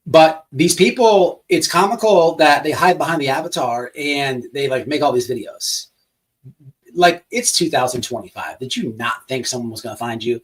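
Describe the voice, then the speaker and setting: A man chats casually on a livestream, rambling with a mocking tone. His voice is mid-pitched. He sits well back from the microphone, so he sounds distant. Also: moderate pace. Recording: voice distant from the mic.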